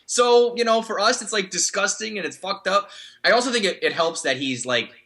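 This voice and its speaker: Man, podcast co-host, high voice, emphatic profane rant. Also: animated, a little fast, sharp tone. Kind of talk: casual news banter.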